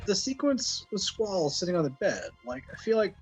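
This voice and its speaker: Very animated, playful man. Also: sits high, moderate pace, soft background music. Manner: playful, laughs a lot, jokey asides. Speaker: co-host in a game commentary. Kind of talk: casual game commentary.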